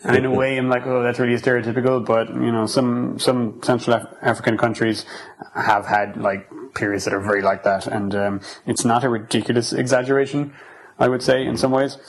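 A man's voice: medium pitch, moderate pace, poor audio. A man co-hosting a casual film podcast, retelling scenes and quoting lines with lots of fillers. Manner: animated retelling with quoted lines. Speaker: podcast co-host. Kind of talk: casual film review chat.

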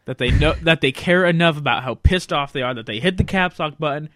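A man's voice: on the high side, brisk, fairly bright tone, no room sound, studio quality. A man co-hosting a casual online show in a laid-back, teasing way. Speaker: co-host. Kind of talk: casual chat.

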